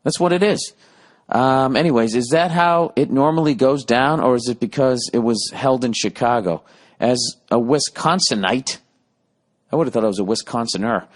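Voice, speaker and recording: A man's voice: mid-range voice, a little fast. A man in his late forties hosting a podcast, rambling through a profane, self-mocking comedic rant. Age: 40s. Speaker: podcast host.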